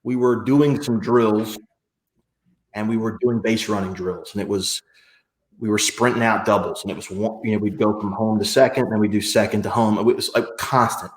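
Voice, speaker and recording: Animated man telling stories in an echoey room. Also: lowish voice, normal speed. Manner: animated storyteller who acts out quotes in other voices. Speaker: podcast guest. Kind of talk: conversational interview storytelling. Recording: roomy echo.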